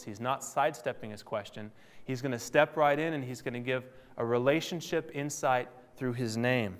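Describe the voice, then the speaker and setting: A man preaching a sermon, explaining scripture and softly, slowly voicing God's words. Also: mid-range voice, clean tone. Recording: long hall reverb.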